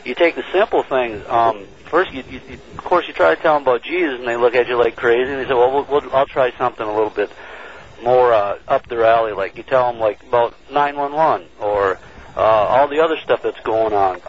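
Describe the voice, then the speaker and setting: A man's voice: medium pitch, brisk. A man talking on a radio show in a rambling way, repeating words as he goes. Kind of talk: casual radio talk. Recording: dull lo-fi radio audio.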